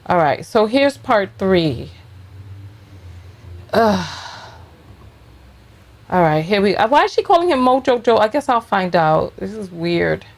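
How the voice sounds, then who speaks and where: A woman hosting a watch party, commenting on a clip in a relaxed, chatty way. Her voice sits at a middling pitch, with offhand asides. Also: measured pace, long pauses. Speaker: reaction channel host. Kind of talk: casual reaction commentary.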